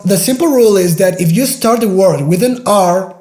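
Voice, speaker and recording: A native Spanish-speaking man with a Spanish accent, patiently teaching pronunciation and repeating each sound slowly to demonstrate it. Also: high voice, a little mellow, roomy sound. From Spain. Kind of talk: pronunciation lesson.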